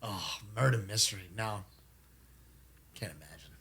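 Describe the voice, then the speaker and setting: A man co-hosting a podcast, chatting casually and reacting with wry, quick comments. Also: lowish voice, a bit bright, slightly rough. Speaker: podcast co-host. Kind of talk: casual chat.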